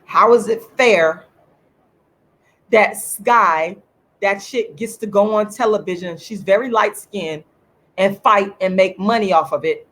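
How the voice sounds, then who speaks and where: A woman hosts her own online show and delivers a fiery, repetitive monologue. Her voice sits at an ordinary middle pitch, and she keeps hammering her points home. Every so often she thanks viewers in the live chat. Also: a little slow, a bit bright. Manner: emphatic, repetitive, preaching tone. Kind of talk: impassioned livestream monologue.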